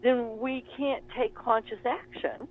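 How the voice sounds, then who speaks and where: Animated woman on a tinny phone line. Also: fairly high pitch, a little slow. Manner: animated, laughing storyteller. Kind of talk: casual conversation on a call.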